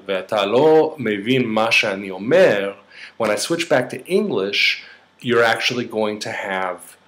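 Teaching a course, this middle-aged psychotherapist speaks in a casual lecture style, often using fillers and starting over, with a hint of a New York accent. His voice sits low but has a fairly bright tone.

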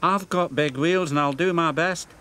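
A man's voice: a little high, moderate pace, pushed and bright, smooth, pitched above the performer's own voice. Man doing an eager, impatient girl engine. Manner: proud and hasty.

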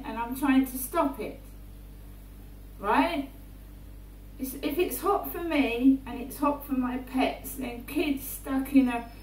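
A woman, rambling through a personal monologue in her flat and often checking in with "right?". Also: on the high side. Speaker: vlogger. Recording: roomy, distant mic, faint hum.

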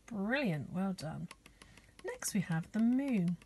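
A woman teaching young children in a slow, encouraging way that often drops to a whisper. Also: mid-range voice, lively intonation, darkish tone, husky. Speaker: primary school teacher.

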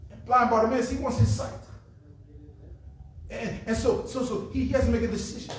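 A man preaching at a revival, telling Bible stories in a lively, conversational way and acting out the voices of the people in them. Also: high-pitched, brisk, a little hiss or hum. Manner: animated storytelling with acted-out voices, says "man" often. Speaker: pastor. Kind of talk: revival sermon. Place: church sanctuary. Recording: echoey room from a distance.

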